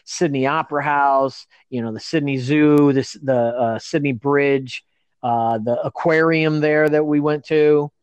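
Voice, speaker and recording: A man's voice: fairly high pitch, fairly even intonation, a little slow, smooth, no room sound. A man reminiscing in casual chat, with many fillers.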